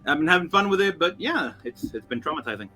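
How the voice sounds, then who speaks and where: A man's voice: fairly high pitch, animated, fast, pushed and bright, soft background music. A man introducing his tabletop character hesitantly, with many fillers and swearing. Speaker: player. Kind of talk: casual tabletop chat.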